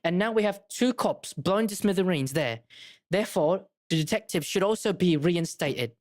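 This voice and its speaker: A woman VTuber streaming a video game, reading dialogue aloud and reacting loudly with casual swearing. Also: lowish voice, animated, normal speed. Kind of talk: casual let's-play reading and commentary. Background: game background music.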